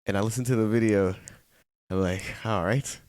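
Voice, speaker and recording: A tired man hosting a solo podcast, chatting casually, laughing often and slipping into quick quoted voices. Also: on the low side, steady tone, mellow, clean tone, dry recording, clean studio sound. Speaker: podcast host.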